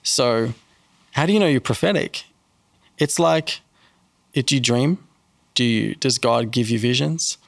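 A man's voice: medium pitch, a little slow, vocal fry, long pauses, no room sound. A man talking casually as a podcast guest, telling faith stories and acting out the people in them with a raised voice. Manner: animated, acts out quoted people in a raised voice. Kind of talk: casual faith talk with storytelling.

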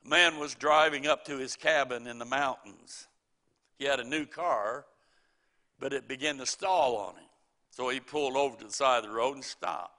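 A man's voice: mid-range voice, moderate pace, bright, forceful tone. A middle-aged man preaching a sermon, quoting scripture and telling folksy stories with chuckles.

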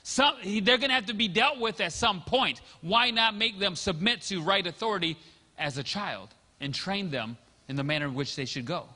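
High-voiced preaching pastor in reverberant hall. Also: male voice, animated, normal speed, sharp tone. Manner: storytelling, acts out quotes. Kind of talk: sermon.

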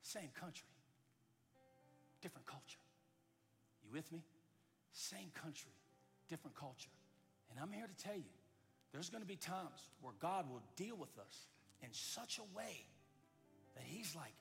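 A man's voice: on the high side, expressive, unhurried, creaky, long pauses. Storytelling male pastor in a reverberant hall. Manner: storytelling, acts out voices, swings from loud to hushed. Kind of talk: sermon. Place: church sanctuary. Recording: long hall reverb with faint music.

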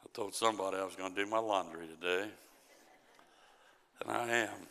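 A middle-aged pastor preaches a sermon and reads scripture slowly and emphatically, often dropping to a softer level. His voice is low and creaky.

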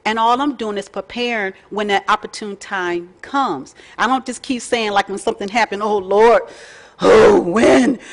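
Chatty woman teaching a Bible lesson. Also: medium pitch. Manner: folksy, chatty, lively with asides and laughs. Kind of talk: casual teaching talk.

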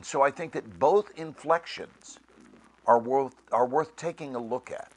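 A man, an actor and guest, speaking in a measured, deliberate way on a panel talk, with expressive shifts in inflection. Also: mid-range voice.

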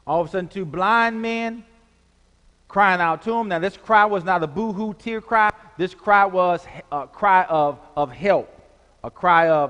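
High-voiced preaching man, echoing hall. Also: fairly bright tone, smooth. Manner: preaching with call-and-response, drawn-out emphasis. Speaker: pastor. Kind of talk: sermon. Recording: long hall reverb.

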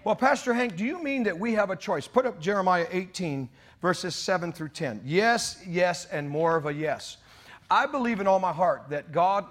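A man delivering a fiery sermon in a high, bright voice. He preaches with passion, pushing up into ringing shouts at the peaks. The delivery is loud and emphatic. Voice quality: mock British voice for God's words. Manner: impassioned preaching, rising to shouts. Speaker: pastor.

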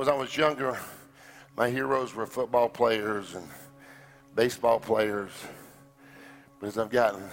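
A middle-aged man preaching a sermon, telling a story that builds to a fervent, shouting climax. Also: mid-range voice. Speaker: pastor. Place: large church auditorium.

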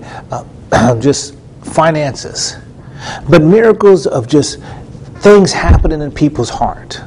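A middle-aged man with a fairly high-pitched voice preaches as a TV ministry host in an earnest, conversational way. He stacks repeated phrases for emphasis and often restarts mid-sentence. A faint hiss sits under his voice. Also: animated, slow, a little mellow. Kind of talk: conversational sermon teaching.

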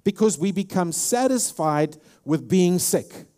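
A South African pastor preaches a sermon, emphatic and repetitive, full of restarts and repeated words. His voice is high-pitched and warm, with lively intonation and a slightly slow pace.

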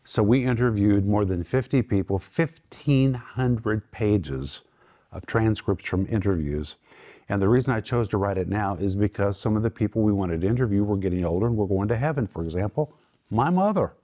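A man's voice: fairly low pitch, animated, normal speed, dark tone. A middle-aged man teaching from the Bible on a television program, emphatic and explaining Greek words step by step.

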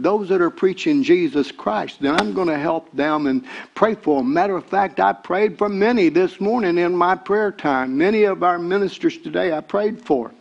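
Older man preaching, raised voice, stammering repeats, bursts of shouting, dull lo-fi recording. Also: fairly high pitch, vocal fry. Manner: repeats words, builds to shouted excitement. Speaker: pastor. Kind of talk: sermon.

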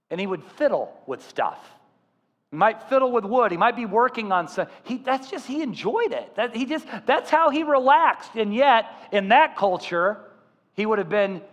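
High-voiced pastor preaching in a reverberant hall. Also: male voice. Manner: animated storytelling, acting out voices. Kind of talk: sermon.

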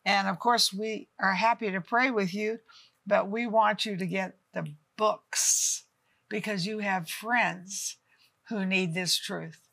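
A woman hosts a faith talk show with a bright, forceful voice. She speaks with enthusiasm and encouragement. The sound is dry and close. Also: medium pitch, fairly even intonation, slow, no echo. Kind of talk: warm studio talk show chat.

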